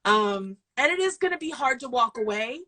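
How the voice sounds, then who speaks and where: A woman in her forties, a guest host who owns a yarn business and coaches throwing, rambles in a casual video chat and grows tearful. Her voice is slightly high, animated and sharp at a normal pace, captured in a rough recording.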